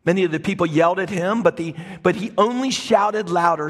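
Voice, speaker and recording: A man's voice: high voice, expressive, brisk, few pauses, fairly bright tone. A man preaching a sermon as a pastor, dramatic, crying out quoted lines at full voice. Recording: long hall reverb.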